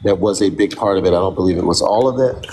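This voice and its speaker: A man on a talk show panel, speaking slowly and deliberately with firm emphasis. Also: sits low, warm tone, slight background noise.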